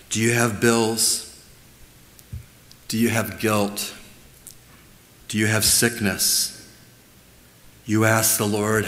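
A male pastor preaching a sermon in a church, with a slow, repetitive cadence that ends in prayer. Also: lowish voice, fairly even intonation, a bit bright. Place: church sanctuary. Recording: reverberant church hall.

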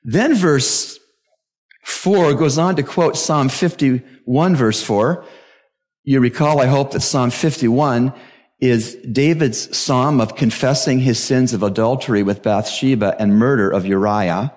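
A middle-aged male pastor preaching a sermon emphatically, jumping to sudden high exclamations. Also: slow, darkish tone.

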